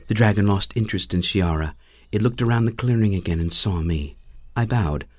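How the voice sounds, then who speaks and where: A man narrating a fantasy audiobook in the first person, with a wry, lively storytelling manner. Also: sits low, normal speed, dry recording.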